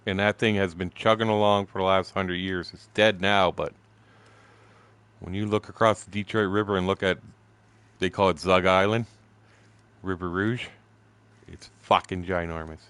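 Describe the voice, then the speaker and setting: A man's voice: sits low, fairly even intonation, normal speed, pauses often, fairly bright tone, clean tone, no room sound. Profane rambling older Canadian man. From southern Ontario, Canada. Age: 60s. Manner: profane, rambling, laughs often. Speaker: gaming streamer. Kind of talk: casual storytelling while gaming.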